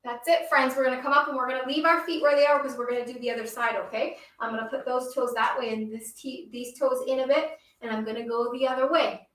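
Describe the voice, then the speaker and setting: A woman's voice: high-pitched, steady tone, fast, few pauses, fairly bright tone, echoey room, far from the mic. A woman teaching a yoga class for children and reading a picture book aloud, encouraging the kids and calling them her friends.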